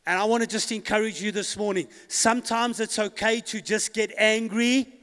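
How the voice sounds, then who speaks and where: A man with a high voice delivers a sermon, leading the congregation in responses and rising into bold declarations. His voice carries a long reverb through a church hall. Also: fairly even intonation, moderate pace, clean tone. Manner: call-and-response preaching, rising to loud declarations. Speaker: pastor.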